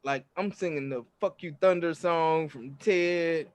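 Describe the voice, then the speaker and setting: A middle-aged man with a somewhat high voice, co-hosting a podcast in loose, casual chat. He tells family stories with animated energy, acting out quotes and laughing often. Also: measured pace, no room sound. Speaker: podcast co-host.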